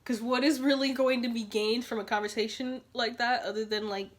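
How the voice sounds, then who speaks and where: A young woman vlogs to her camera in a casual, chatty storytelling voice, pitched slightly high. She circles back and repeats her points for emphasis. Now and then she drops to a whisper for an aside. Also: fairly even intonation, a little fast. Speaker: vlogger.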